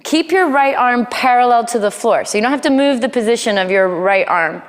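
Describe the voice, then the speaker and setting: A woman teaching a live yoga class, cueing poses in a playful way with quick asides. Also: a little high, expressive. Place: yoga studio. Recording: long hall reverb in studio.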